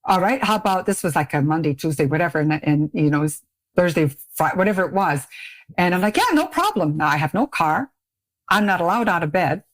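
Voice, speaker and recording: A middle-aged woman guest on a podcast, telling her story in casual chat and acting out quoted voices with big pitch jumps and frequent laughs. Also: expressive, brisk, no room sound. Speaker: podcast guest, beauty brand CEO. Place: Ontario, Canada.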